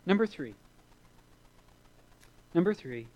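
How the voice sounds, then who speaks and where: A man's voice: fairly high pitch, expressive, normal speed, long pauses, low-quality recording. Man, middle-aged, pastor, sermon, emphatic, repeats lines for weight, church. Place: church sanctuary.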